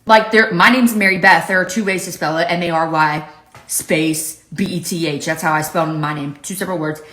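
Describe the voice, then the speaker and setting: A lifestyle vlogger from Pittsburgh, her accent carrying a slight Southern touch, tells a comic story to camera in a casual, exasperated way. Her voice is lowish and steady in tone, brisk, pushed and bright, with a roomy sound.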